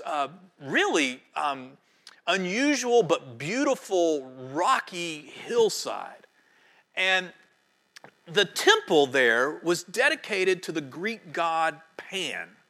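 A male pastor preaching a sermon, animated, sometimes dropping to a soft near-whisper for emphasis. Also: sits high.

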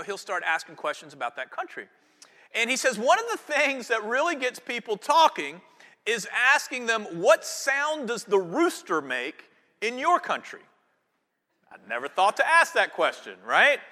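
A pastor giving a conversational sermon in church, with casual fillers and restarts. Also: male voice, sits high, bright, forceful tone. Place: church sanctuary. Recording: long church hall reverb.

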